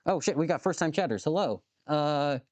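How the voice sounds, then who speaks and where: A man's voice: fairly high pitch, expressive, moderate pace, darkish tone, dry recording. A man live streaming as he works with his hands, muttering to himself, swearing freely and joking with his chat. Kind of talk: casual live-stream chat while working.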